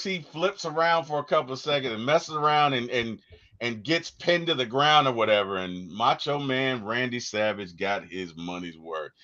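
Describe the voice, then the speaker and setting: Guy rambling about a movie on a podcast, bright voice, lots of ups and downs in pitch. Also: lo-fi sound. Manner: animated storyteller, acts out quotes. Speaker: podcast co-host. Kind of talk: casual movie discussion.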